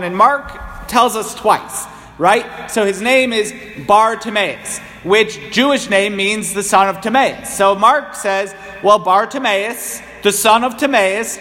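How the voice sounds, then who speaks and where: Preacher with a high voice in a reverberant church. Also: male voice, pushed and bright. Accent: New England. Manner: conversational, rising into impassioned cries. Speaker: priest. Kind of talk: homily.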